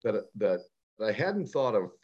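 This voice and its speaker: A man's voice: very animated, unhurried, darkish tone, muffled recording. A man in his seventies, from the Cleveland area, telling a personal story with passion and emphasis. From Cleveland area, United States. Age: 70s. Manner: emphatic, rising to a high pitch when stirred. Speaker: speaker on health and nutrition. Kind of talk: impassioned storytelling.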